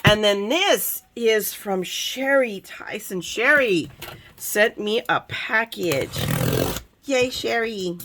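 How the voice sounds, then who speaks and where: A woman crafting vlogger chatting excitedly to viewers about the mail she got, bubbly and gushing. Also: mid-range voice, slow, a little hiss or hum. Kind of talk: excited casual happy-mail chat.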